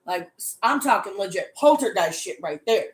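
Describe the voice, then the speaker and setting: A woman's voice: medium pitch, moderate pace. Casual swearing woman, echoey room. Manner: animated, swears freely. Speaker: player recapping a tabletop game. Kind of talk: casual recap chat.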